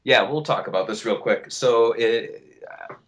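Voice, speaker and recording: A young man co-hosting a casual podcast, venting and riffing in an animated way, swearing freely. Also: mid-range voice, a little slow. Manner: animated, swearing, riffs and vents. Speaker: podcast co-host.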